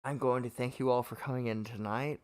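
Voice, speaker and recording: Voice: mid-range voice, fairly even intonation, brisk, a little mellow, smooth. A livestreamer ranting with constant swearing, tipsy from shots and hiccuping between words. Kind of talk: drunken livestream rant.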